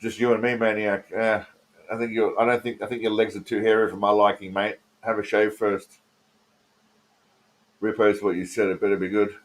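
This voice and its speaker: A man's voice: on the low side, flat delivery, moderate pace. An Australian man streaming live, joking and rambling as he talks to his chat by name while reacting to trailers.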